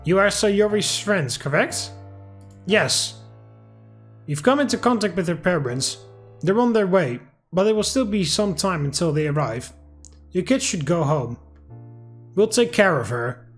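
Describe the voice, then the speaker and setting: A man reading the part of a grave hospital doctor in a story game, slow and formal. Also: mid-range voice, lively intonation, soft background music, natural voice.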